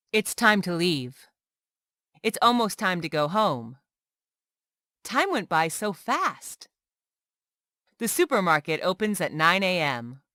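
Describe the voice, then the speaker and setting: A woman reading short everyday English phrases aloud one by one, clearly and carefully, as a language lesson. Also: on the low side, bright, forceful tone, no room sound, clean studio sound. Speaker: English teacher.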